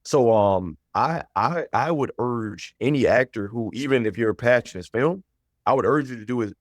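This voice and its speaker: An actor talks as a podcast guest in a mid-pitched voice. He speaks earnestly and repeats his points. The recording is dry and close. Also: expressive, moderate pace, no room sound. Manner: earnest, advising, repeats phrases. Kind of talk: casual interview chat.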